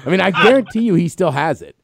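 Rambling, laughing man with lively pitch. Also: fast talker, gravelly, dry recording, studio quality. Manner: rambling storyteller, laughs often. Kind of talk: casual chat.

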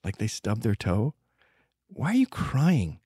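A man's voice: fairly low pitch, wildly swooping pitch, takes it slowly, mellow, breathy edge, no room sound, studio quality. A man telling rambling, profane stories with sardonic humor in a comedic monologue. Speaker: podcast host telling stories.

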